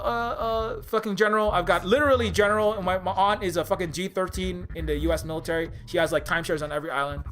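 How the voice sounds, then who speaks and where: A man's voice: high voice, a bit bright. A man from Hawaii, an indie game developer, delivering a heated, profane rant full of restarts and repetitions. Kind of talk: ranting monologue.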